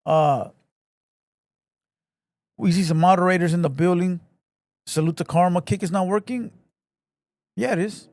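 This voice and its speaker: A man hosting a casual livestream podcast, talking in profane, slangy street talk full of shout-outs. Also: high voice, a little slow, pauses often, no echo. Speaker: podcast host.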